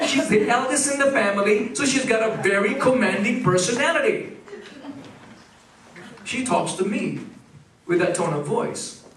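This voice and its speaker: A middle-aged man preaching a sermon as pastor, animated and leading the congregation in call-and-response. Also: very high-pitched, normal speed, long pauses, echoey room, far from the mic, low-quality recording. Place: church sanctuary.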